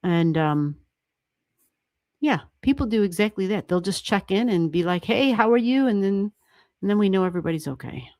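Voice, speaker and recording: A woman hosting a livestream, chatting casually as she reads charts, excitable and laughing often, with casual swearing. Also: mid-range voice, moderate pace, no echo. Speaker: astrology livestream host.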